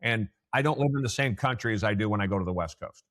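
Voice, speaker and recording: Rambling middle-aged podcast host. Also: male voice, fairly low pitch, fast talker, fairly bright tone. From United States. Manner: rambling, many restarts and asides. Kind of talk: conversational interview.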